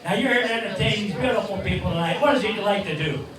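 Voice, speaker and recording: Man in his sixties, ventriloquist stand-up, rambling jokes, booming bar room, distant mic. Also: fast, heavy reverb, a crowd in the background. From Cleveland, Ohio. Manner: jokey, rambling punchlines, lively delivery. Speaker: ventriloquist comedian. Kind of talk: stand-up comedy. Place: neighborhood bar stage.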